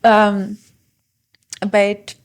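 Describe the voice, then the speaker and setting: A young adult woman talking through her thoughts in a reflective vlog monologue, halting and full of fillers and restarts. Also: mid-range voice, completely flat delivery, smooth. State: briefly emotional. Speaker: vlogger.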